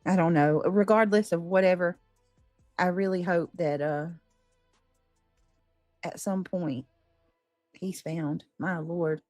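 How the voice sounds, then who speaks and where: A woman's voice: lowish voice, steady tone, slow pace, pauses often, a little mellow, no room sound. A woman talks casually as a guest on a live panel, her voice dry and close with faint music underneath. She reacts with easygoing, muttered exclamations. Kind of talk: casual chat.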